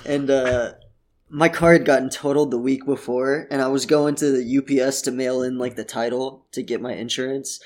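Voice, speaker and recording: A young man telling a story in casual chat, animated and laughing as he goes. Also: mid-range voice, normal speed.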